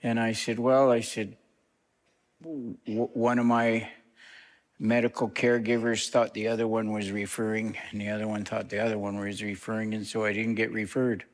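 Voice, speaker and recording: A man's voice: on the low side, flat delivery, normal speed. An older man, a guest minister, telling a personal story to a congregation in a plain, conversational way. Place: church sanctuary. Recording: long church reverb.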